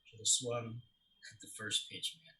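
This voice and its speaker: A man's voice: medium pitch, little pitch movement, measured pace, rough recording. An actor playing a young man who recounts his father's death in a confessional, storytelling way during a stage play reading. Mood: rueful. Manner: confessional storytelling, swings to loud anguish.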